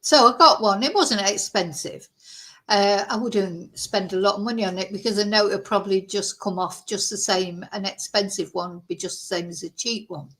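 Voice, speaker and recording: Woman vlogger chatting away, rambly and animated, lots of little asides, mid pitch. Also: moderate pace. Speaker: true crime channel host. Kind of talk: casual chatty vlog.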